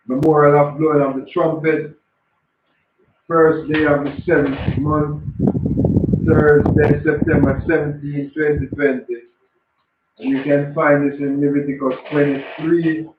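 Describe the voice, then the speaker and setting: A man's voice: on the high side, little pitch movement, a little slow. A man formally reading out class announcements and calling drill commands at a religious school. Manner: formal, declaiming, calls out commands. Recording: echoey distant phone-like line with loud noise.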